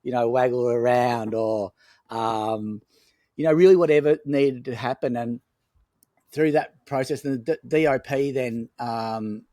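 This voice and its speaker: A film director appearing as a podcast guest tells rambling anecdotes in a casual storytelling interview, full of fillers and restarts. His mid-range voice is steady, warm, and unhurried, and the recording has no echo.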